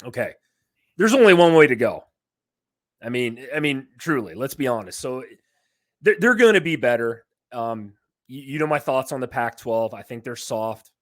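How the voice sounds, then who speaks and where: A man co-hosting a casual sports podcast, excitable and jokey, with lots of fillers. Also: medium pitch, normal speed, dry recording, clean studio sound. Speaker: podcast co-host.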